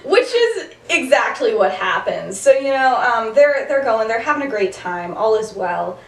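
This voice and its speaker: A woman's voice: a little high, very animated, moderate pace. A young woman casually retelling a story to a co-host, giggly and chatty with lots of "like". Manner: giggly, chatty, heavy use of "like". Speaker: podcast co-host. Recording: roomy, distant mic.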